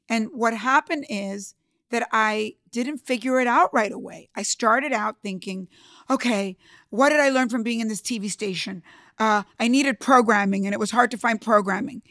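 A woman's voice: mid-range voice, a bit bright, dry recording, clean studio sound. A woman telling her own business story in an earnest, emphatic, conversational way. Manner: emphatic, earnest, conversational with quoted inner thoughts. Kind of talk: personal storytelling talk.

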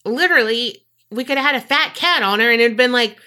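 A woman's voice: fairly high pitch, brisk. A woman co-hosting a casual true crime podcast, reacting with outrage, swearing and acting out quotes. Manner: animated, swears, acts out quotes. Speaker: podcast co-host.

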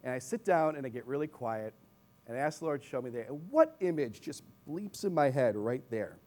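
A young man preaching to his congregation in a relaxed, conversational way. He tells stories with lively asides and questions to the room. His voice sits in an ordinary middle pitch. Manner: animated storytelling with asides to the congregation. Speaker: pastor. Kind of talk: sermon. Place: church in Chicago.

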